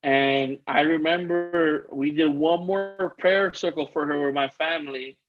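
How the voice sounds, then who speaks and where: A man's voice: fairly high pitch, fairly even intonation, measured pace, narrow, tinny audio, soft background music. A man telling a personal story as a podcast guest, earnest and rambling, often restarting his sentences. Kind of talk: casual interview storytelling.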